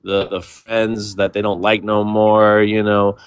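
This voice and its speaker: A man's voice: fairly low pitch, monotone, unhurried, clean tone, muffled recording. A man with a surfer-style English accent, Spanish his first language, hosting a casual online panel debate with lots of fillers and restarts. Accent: Californian surfer-style English. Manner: loose, talkative, full of fillers and restarts. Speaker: panel host.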